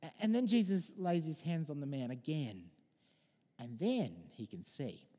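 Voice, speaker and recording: A man in his thirties preaching in a chatty, animated way, his mellow voice swinging widely in pitch. He talks from a church, and his words hang in a long reverb. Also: measured pace. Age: 30s. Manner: animated, conversational preaching with personal anecdotes. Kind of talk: sermon.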